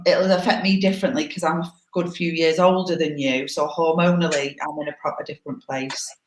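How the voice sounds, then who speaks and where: Lower-voiced woman chatting on a video call. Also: fairly even intonation, brisk, slight background noise. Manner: chatty, candid and teasing. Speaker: co-host. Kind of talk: casual live chat. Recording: echoey room on a video call.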